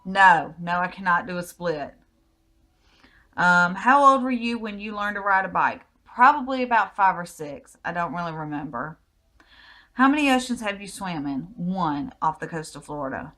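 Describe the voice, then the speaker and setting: An American vlogger with a Southern accent casually answers a list of personal questions with easygoing, rambling replies. Her lowish voice has lively intonation and sounds pushed and bright, at normal speed.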